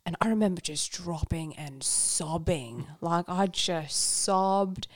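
A woman's voice: lowish voice, takes it slowly, dry recording, studio quality. A woman speaking candidly and reflectively in a casual conversation about her faith, often laughing and using fillers. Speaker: guest.

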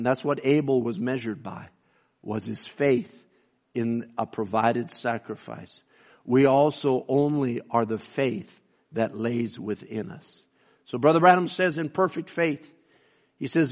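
A man preaching a sermon, swinging from fervent, raised emphasis down to low, slow and quiet passages. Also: dull audio.

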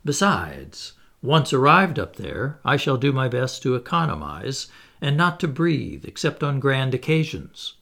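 A man's voice: medium pitch, sing-song, a little slow, vocal fry, a bit bright, exaggerated voice. A man reading a bold, unflappable adventurer. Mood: assured. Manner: cheerful, assured, explanatory. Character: confident witty male adventurer, unflappable.

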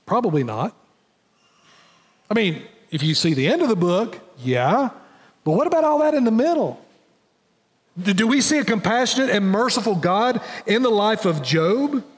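A man with a high voice preaches in a church, his words carried by a long hall reverb. He swings from hushed, low phrases to loud, emphatic questions. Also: expressive, normal speed, pauses often, slightly rough. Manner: emphatic preacher, drops soft and rises loud. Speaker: pastor. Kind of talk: sermon. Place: church sanctuary.

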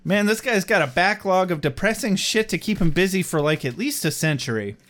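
This man has a notably high voice and talks in a relaxed, chatty way. He co-hosts a podcast that recaps TV shows. He tells his stories with energy and laughs often between lines. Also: a little fast. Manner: animated storyteller, laughs often, acts out quoted voices. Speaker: podcast co-host. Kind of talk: casual chat recapping a TV episode.

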